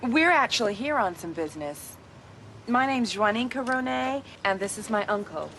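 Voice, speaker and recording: An actress plays a visiting tourist in a sitcom, teasing and a little flirty, over noisy TV audio. Her voice is on the high side, expressive and fairly bright, at a normal speed.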